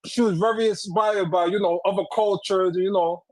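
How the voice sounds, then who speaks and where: A caller from New York speaks in a strong New York accent and keeps insisting on his point. His voice sits high for a man. It sounds close and dry. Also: steady tone, normal speed, a little mellow, no echo. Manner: protesting, insistent.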